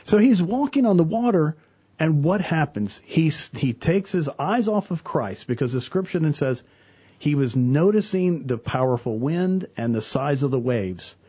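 A middle-aged man, a church worker talking about faith in an earnest, animated way, acting out the people in his stories. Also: on the high side, normal speed, husky, dull audio. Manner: earnest, animated storyteller, quotes people in voices. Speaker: church worker, guest on a talk show. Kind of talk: casual faith talk.

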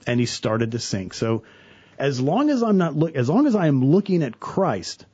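A middle-aged man talks about faith with earnest energy. His husky voice rises and falls widely as he acts out his stories. The sound is dry and a little dull, like a lo-fi studio recording. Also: medium pitch, moderate pace. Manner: earnest, animated storyteller, quotes people in voices. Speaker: church worker, guest on a talk show. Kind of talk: casual faith talk.

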